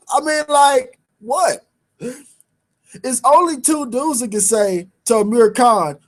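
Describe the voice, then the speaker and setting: A man's voice: very high-pitched, takes it slowly, a bit bright. A man hosting a sports talk show, bantering in casual street slang and repeating his points for emphasis. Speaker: sports radio host.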